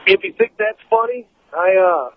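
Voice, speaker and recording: A man's voice: sits high, animated, moderate pace, dry recording. A man calling into a radio show, blunt and matter-of-fact, swearing casually. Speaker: caller. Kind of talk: phone-in call. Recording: tinny phone line with faint noise.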